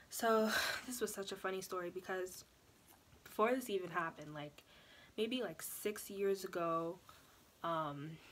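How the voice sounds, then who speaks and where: A young woman talks straight to the camera in a casual storytelling vlog. She is chatty and animated, with lots of "like" and "you know", and her voice sits a little low. A faint hiss of background noise sits under her. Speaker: vlogger.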